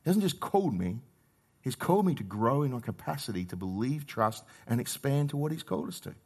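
A middle-aged Australian pastor delivers a conversational sermon, shifting from loud emphasis to quiet asides. His mid-range voice is sing-song, brisk, and slightly rough.

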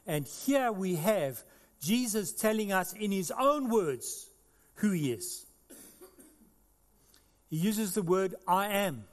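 A man's voice: high voice, very animated, slow pace, long pauses, big-room sound. A man preaching a sermon to his congregation in a church, earnest and conversational. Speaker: pastor. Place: church hall.

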